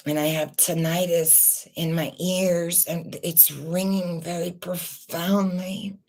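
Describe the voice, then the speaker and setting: Tearful lady vlogging, kinda low voice, swears a lot and keeps restarting. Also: little pitch movement, vocal fry, darkish tone. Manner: raw, distressed, swearing, halting restarts. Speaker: channel host. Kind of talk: emotional personal vlog.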